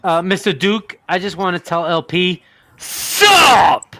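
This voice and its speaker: A woman's voice: on the low side, normal speed, dry recording. A woman hosting an internet radio talk show, chatting and joking playfully with her co-hosts. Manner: animated, laughing, playful. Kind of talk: casual group banter.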